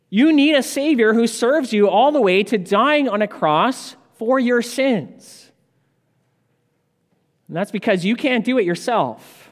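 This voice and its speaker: A man with a high, clear voice preaches an earnest sermon and draws out his key phrases. His words ring through the long reverb of a church sanctuary. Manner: earnest expository preaching, slows for emphasis.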